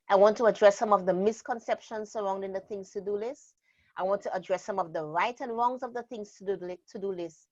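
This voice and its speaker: A woman trainer talks through her method in a steady, emphatic way, slowing down to lean on key words. Her voice sits mid-range. The recording sounds slightly dull and lo-fi. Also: medium pitch. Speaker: productivity trainer. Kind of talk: instructional interview talk.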